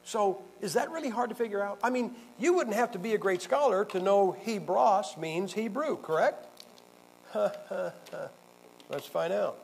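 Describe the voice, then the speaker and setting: A male pastor leads a Bible class in a combative, sarcastic way, firing questions at his listeners. His voice sits fairly high for a man. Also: a little slow, gravelly, slight background noise, poor audio. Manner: combative, sarcastic, quizzes the audience.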